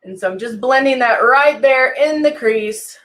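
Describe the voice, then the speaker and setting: A woman with a bright, slightly high voice talks through her makeup routine on a live stream. Her talk is casual and chatty, full of ums and quick hellos to viewers by name. She speaks to a camera at her desk. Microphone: desk camera and monitor setup.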